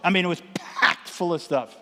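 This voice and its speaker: Male pastor, lively comic storyteller with a slightly high voice, recorded in a reverberant church hall. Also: moderate pace. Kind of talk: sermon with personal storytelling. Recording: echoey hall.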